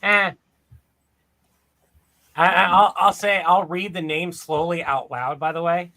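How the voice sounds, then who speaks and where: A man's voice: high voice, steady tone, a little slow, sharp tone. A man playing a tabletop game, casually describing his character's actions aloud. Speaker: player.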